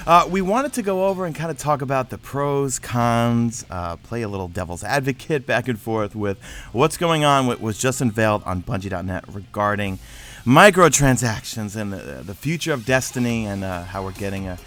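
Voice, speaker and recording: A man's voice: medium pitch, lively intonation, moderate pace, a bit bright. A man co-hosting a casual gaming discussion, thinking aloud with lots of fillers and restarts. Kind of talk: casual chat.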